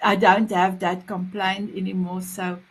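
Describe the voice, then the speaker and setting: A woman hosting an interview, speaking English with a South African accent, effusive and quick to repeat her praise. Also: medium pitch, level tone, noisy background. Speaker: host. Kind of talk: casual interview chat.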